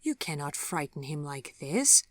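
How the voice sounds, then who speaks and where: A woman voicing a gentle, soft-spoken man with a calm, formal way of talking in an audiobook story. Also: low-pitched, a little slow, no echo, studio quality.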